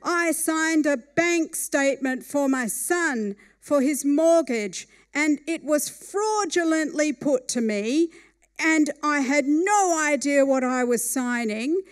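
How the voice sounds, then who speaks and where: A woman voicing an agitated older man, a disbarred litigant, pleading and growing loud as he argues his case. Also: extremely high pitch, animated, unhurried, voice pushed up, full character voice. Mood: impassioned. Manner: pleading, increasingly shouting.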